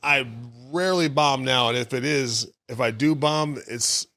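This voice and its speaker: A man's voice: medium pitch, a little slow, dry recording, studio quality. Man telling comedy war stories. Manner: profane, animated storyteller. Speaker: stand-up comedian, podcast guest. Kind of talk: casual storytelling.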